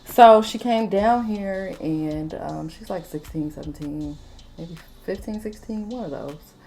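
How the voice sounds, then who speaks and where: A woman in her late twenties telling a casual storytime while doing her makeup, blunt, animated and full of profanity. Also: fairly low pitch, a little slow. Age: late 20s. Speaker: vlogger.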